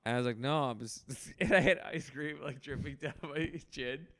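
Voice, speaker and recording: A man's voice: a little high, moderate pace, fairly bright tone, no echo. A man born in the United States, hosting a podcast, telling comedic stories in casual chat and laughing mid-sentence. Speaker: podcast host.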